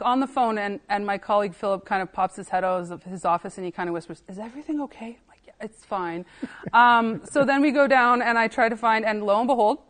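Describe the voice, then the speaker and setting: A woman, an assistant archivist, telling funny anecdotes in a casual podcast interview and acting out the voices of the people she quotes. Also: a little high. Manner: animated anecdotes, acting out quoted dialogue, laughing.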